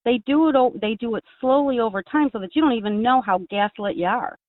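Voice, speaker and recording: A woman's voice: on the high side, fast talker, no echo. A woman calling in to a talk show, speaking earnestly and rambling with many restarts. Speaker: caller. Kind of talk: casual call-in chat. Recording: tinny phone line, dry.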